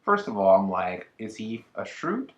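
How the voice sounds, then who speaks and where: A man co-hosting a casual reaction chat, joking and rambling in an animated way. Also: lowish voice, normal speed, roomy sound, lo-fi sound. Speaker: co-host.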